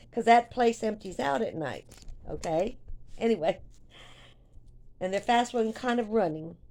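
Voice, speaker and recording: An older woman vlogging, telling a story to her viewers in a chatty, rambling way that grows animated when she retells events. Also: mid-range voice. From United States.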